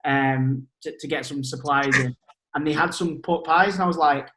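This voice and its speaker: A man's voice: on the high side, fairly even intonation, moderate pace. A man co-hosting a podcast, talking casually with hesitant repeated words. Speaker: podcast co-host. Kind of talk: casual chat. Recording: roomy echo with faint noise.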